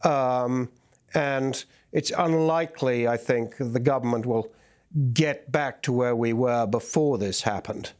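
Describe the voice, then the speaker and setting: A male correspondent speaks on a news programme at a middling pitch. He explains things in a measured way and keeps stopping on ums and uhs while he gathers his thoughts. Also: a little mellow. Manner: reporting in a measured way with many fillers. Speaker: foreign correspondent. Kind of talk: news interview.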